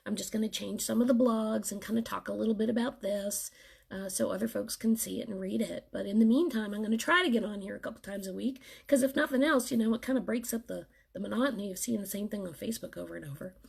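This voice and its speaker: Husky, gravelly woman. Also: medium pitch, fast. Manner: earnest pep talk to followers. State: teary. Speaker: vlogger. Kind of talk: casual live video chat.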